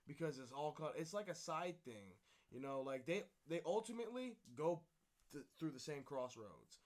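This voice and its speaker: A young man chatting casually as a podcast co-host, rambling and swearing freely. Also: fairly high pitch. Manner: rambling, profane, laid-back. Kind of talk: casual chat.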